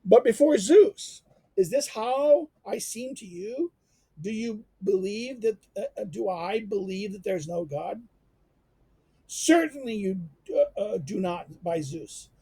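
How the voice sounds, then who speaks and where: A man lecturing on a classic text, reading passages aloud and explaining them, halting with fillers and restarts and turning animated when he quotes. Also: breathy edge, no echo. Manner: jumps into animated pitch when quoting.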